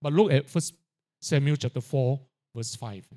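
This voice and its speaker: A man preaching a sermon, peppering his lines with "you know, right?" and dropping quiet on the tag-ons. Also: medium pitch, a little slow. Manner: drops to a quiet aside on filler tags. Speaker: pastor.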